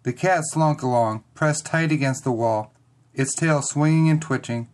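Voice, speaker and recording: A reader narrating a first-person children's chapter book, expressive and dramatic. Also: medium pitch, unhurried. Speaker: audiobook reader.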